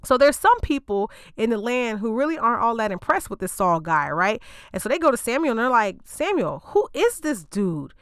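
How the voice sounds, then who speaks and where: A woman host retelling a Bible story in a loose, slangy way, breaking off for joking asides to her listeners. Her voice is smooth and clear, recorded dry and close with no room sound. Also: a little high, animated, a little fast, a bit bright, no echo. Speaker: podcast host.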